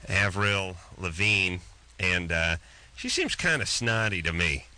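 A man hosting a late-night radio show, joking around with crude, sarcastic wisecracks. His voice sits a little low and sounds very bright and sharp, and he is close on a studio mic. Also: big pitch swings, takes it slowly. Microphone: studio microphone.

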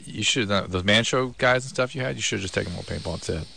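A man's voice: lowish voice, fast talker, creaky, pushed and bright, slight background noise. A man chatting as a guest, earnest and emphatic, making his points with insistence. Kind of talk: casual banter.

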